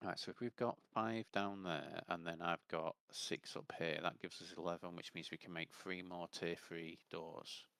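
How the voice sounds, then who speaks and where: A man's voice: sits low, steady tone, moderate pace, creaky, hardly any pauses, a bit bright, smooth, no room sound. A man in a casual gaming voice chat, rambling as he explains game rules at length. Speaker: gamer in a voice chat.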